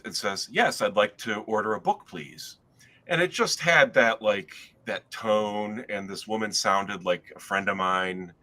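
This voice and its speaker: A man's voice: on the low side, fairly bright tone. A middle-aged man, a guest author, telling a rambling anecdote in casual chat and often stopping to restart his sentences. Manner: rambling, self-interrupting anecdote teller. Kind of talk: casual storytelling.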